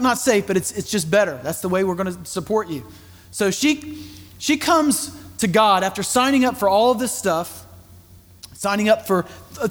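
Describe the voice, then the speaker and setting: A man preaching a sermon, telling a story in a conversational way with animated asides. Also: sits high, in a large hall. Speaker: pastor.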